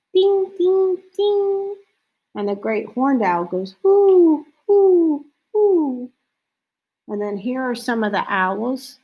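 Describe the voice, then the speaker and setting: Slow, clear woman reading aloud. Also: mid-range voice, rough recording. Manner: slow, clear reading with owl-call imitations. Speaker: teacher reading to children. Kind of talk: read-aloud picture book lesson.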